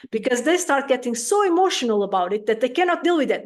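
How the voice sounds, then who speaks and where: A woman giving an interview as a parenting coach, explaining calmly and acting out parents' voices in little quotes. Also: high-pitched, fast talker, hardly any pauses.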